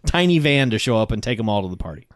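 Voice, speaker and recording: A man co-hosting a casual podcast, recapping a movie in an animated way and laughing often. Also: lowish voice, rapid-fire, dry recording, clean studio sound. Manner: animated storyteller, acts out bits, laughs often. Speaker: podcast co-host.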